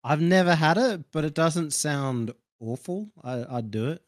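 A man's voice: fairly high pitch, expressive, unhurried, no room sound, studio quality. A man with an Australian accent co-hosting a casual podcast, laid-back and wry. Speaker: podcast co-host.

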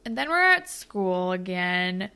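Bright chatty young woman recapping. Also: on the low side, big pitch swings, slow pace, clear, resonant tone. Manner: chatty, filler-heavy, quotes characters in passing, swears casually. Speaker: podcast co-host. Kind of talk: casual recap chat.

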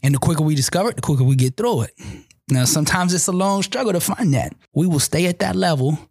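A man, a guest motivational speaker, telling a personal story of faith in an animated, preacher-like way with lots of repetition. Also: a little high, fast talker, vocal fry, husky, no room sound, clean studio sound. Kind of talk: conversational storytelling testimony.

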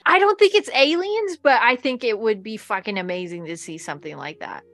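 A woman's voice: on the high side, lively intonation, brisk, a bit bright. A woman hosting a podcast, reacting to a guest's stories with short questions and remarks. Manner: reactive, interjecting. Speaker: podcast host. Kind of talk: casual chat.

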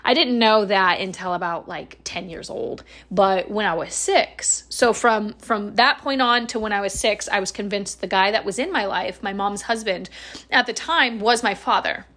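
A woman's voice: mid-range voice, moderate pace, a bit bright. A woman telling a personal story in a casual, rambling podcast monologue, swearing freely and laughing between lines.

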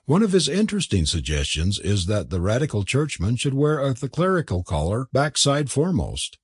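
A man voicing a scheming, smoothly mocking young gentleman. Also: medium pitch, wildly swooping pitch, normal speed, dry recording, studio quality, full character voice. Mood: sly.

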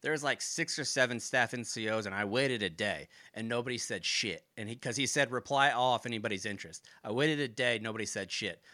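A man's voice: mid-range voice, fairly quick, hardly any pauses, dry recording, studio quality. A former Marine man telling stories from his service in a casual interview, cursing freely and acting out quoted dialogue. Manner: profane, animated retelling with quoted dialogue. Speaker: podcast guest, former Marine.

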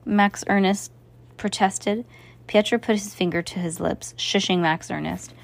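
A woman reads a storybook aloud at a middle pitch. She stumbles now and then, backing up to restart a phrase. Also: steady tone, measured pace, vocal fry. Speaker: narrator. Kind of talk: storybook reading.

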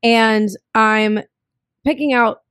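A woman's voice: a little high, steady tone, slow pace, fairly bright tone, smooth, dry recording, studio quality. A young woman chatting casually as a podcast co-host, telling stories and acting out what other people said. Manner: chatty storyteller who acts out quoted dialogue. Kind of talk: casual chat.

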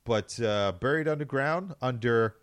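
A man chatting casually about a movie, talking slowly and laughing often. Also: mid-range voice, no echo. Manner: slow, drawn-out, laughs a lot. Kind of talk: casual podcast movie chat.

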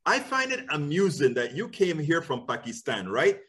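A male host from Panama speaks in a fairly high voice with a lively, swinging pitch. He is conversational and thinks aloud on a political talk show. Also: normal speed.

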